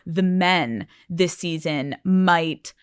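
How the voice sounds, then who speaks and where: A woman hosting a podcast interview, asking measured, probing questions. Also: lowish voice, clean tone, no echo, clean studio sound. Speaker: podcast host.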